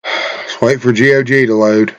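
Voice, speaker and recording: A man's voice: medium pitch, fairly even intonation, normal speed, clear, resonant tone. A man streaming a game live, chatting casually and rambling to himself with plenty of profanity while he sets up.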